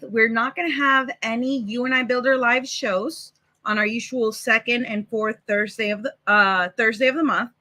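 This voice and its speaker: A woman's voice: on the high side, bright, forceful tone. A woman hosting a casual live developer show over a video call, chatty and upbeat. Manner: upbeat, chatty, laughs easily. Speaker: host and product manager.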